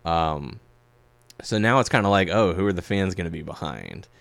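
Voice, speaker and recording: Man, low voice, casual podcast chat, relaxed and filler-heavy, dry close sound. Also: moderate pace, gravelly, dry recording. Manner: relaxed, filler-heavy, reads articles aloud. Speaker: podcast co-host. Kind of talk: casual chat about wrestling news.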